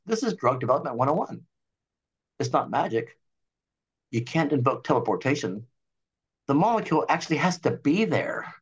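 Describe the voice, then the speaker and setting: A man talking as a doctor and guest on a casual interview show, animated and ranting as he lays out his theory. His voice sits at a middle pitch and swings widely in tone. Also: breathy edge, dull audio.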